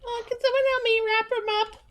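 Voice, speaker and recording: A woman playing a tabletop game, speaking in character with a soft, regretful manner. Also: very high-pitched, level tone, a little fast. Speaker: player. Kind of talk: casual tabletop game chat.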